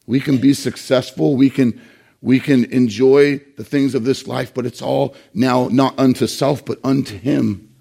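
A man pastor preaching a sermon, earnest, slowing down to stress key phrases and sometimes repeating words. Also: medium pitch, steady tone, gravelly, warm tone, breathy edge.

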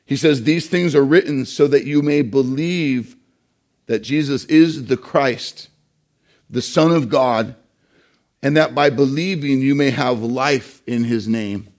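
A man pastor preaching a sermon, earnest, slowing down to stress key phrases and sometimes repeating words. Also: mid-range voice, darkish tone.

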